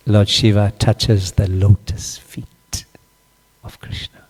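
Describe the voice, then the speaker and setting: A man giving a scripture class, telling a story with animation and quizzing his listeners. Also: lowish voice. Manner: animated, questions the audience. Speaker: class speaker. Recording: long hall reverb.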